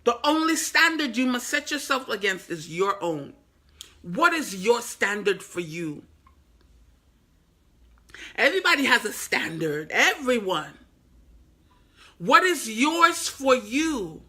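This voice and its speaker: A woman's voice: on the high side, very animated, takes it slowly, long pauses, sharp tone. A woman who is a motivational speaker and author, giving an inspirational faith talk in an emphatic, repetitive, preacher-like cadence and speaking straight to the listener. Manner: addresses the listener directly, coaxing.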